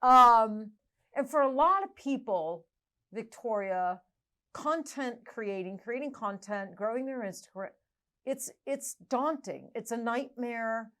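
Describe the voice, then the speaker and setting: A middle-aged woman hosting a podcast, talking casually and haltingly with many restarts. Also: a little high, expressive, sharp tone. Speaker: podcast host. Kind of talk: casual interview chat.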